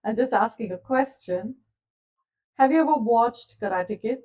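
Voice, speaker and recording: A woman leading a live online coaching session, speaking gently and calmly and asking her listeners questions directly. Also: on the high side, a little slow, recorded from a distance, poor audio. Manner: gentle, calm, soothing delivery. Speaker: self-development coach.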